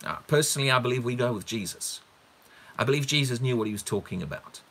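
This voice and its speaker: A man's voice: mid-range voice, lively intonation, fast talker, a bit bright. A man preaching a teaching sermon on a Bible passage, emphatic, repeating words for stress and asking the listeners rhetorical questions.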